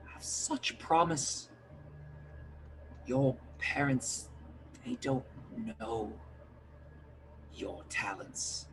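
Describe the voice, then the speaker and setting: A man voicing a woman, a tentacled sea-witch aunt, in a hushed, breathy whisper during a tabletop game. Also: medium pitch, background noise, voice pushed up.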